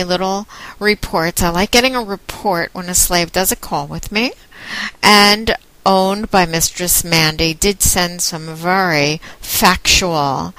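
Slow, commanding woman. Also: fairly low pitch, fairly bright tone, dry recording, low-quality recording. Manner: teasing, commanding, unhurried. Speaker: phone domination host. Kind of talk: slow recorded monologue.

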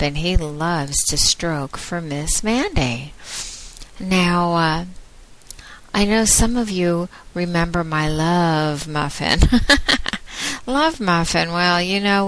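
A woman doing a casual spoken blog in a slow, teasing, drawn-out way. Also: lowish voice, fairly bright tone, poor audio. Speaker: adult webcam domme blogging.

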